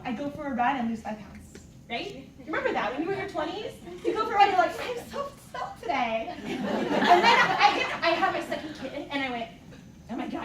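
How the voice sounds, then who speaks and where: A woman in her thirties giving an enthusiastic, casual talk as a fitness coach to a live group, laughing often. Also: high-pitched. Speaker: fitness coach speaking at a team meeting. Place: meeting room with an audience. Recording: echoey room, distant mic, noisy.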